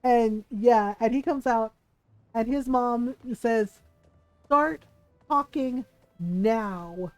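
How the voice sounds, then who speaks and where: A woman's voice: a little high, fairly even intonation, takes it slowly, darkish tone, clear, resonant tone. A woman streamer telling a story in casual chat while gaming, acting out the people she quotes and often adding "right?". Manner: chatty, acts out quoted voices, frequent "right?". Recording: dry close mic with faint game music.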